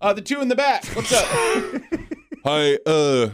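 A man's voice: sits high, huge pitch swings, takes it slowly, slight background noise, full character voice. A man putting on a drawling country museum guide. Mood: teasing. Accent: Southern US (put on). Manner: teasing, exaggerated drawl.

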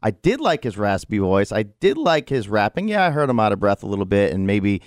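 A male radio co-host with a lowish voice speaks earnestly, his pitch moving in a lively way. The sound is close and dry. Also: brisk, no room sound. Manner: earnest, reassuring. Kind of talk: casual radio banter.

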